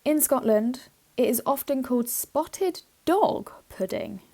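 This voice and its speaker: A playful woman co-hosting a chatty podcast, her voice sitting a little high. She giggles easily and swears freely, slipping between reading a list aloud and joking with her friend. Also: expressive, takes it slowly, mellow. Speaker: podcast co-host. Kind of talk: casual chat, reading out a list.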